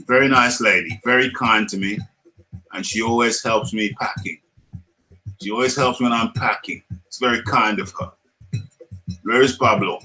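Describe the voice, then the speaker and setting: A man's voice: mid-range voice, normal speed, sharp tone, faint music behind, poor audio. A man with a British accent hosting a casual live stream, playful and laughing often, repeating his lines as he reads the chat.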